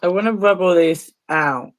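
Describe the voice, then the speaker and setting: A woman hosting a relaxed painting stream, who teases her friend and rambles in a playful way. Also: fairly low pitch, moderate pace. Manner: teasing, playful, rambling with restarts. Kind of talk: casual chat while painting on a stream.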